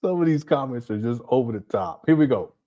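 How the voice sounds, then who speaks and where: A man's voice: mid-range voice, expressive, brisk, dark tone, highs cut off. A man hosting a casual livestream, reacting to clips with frequent laughter and disbelief. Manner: laughing often, incredulous, chatty.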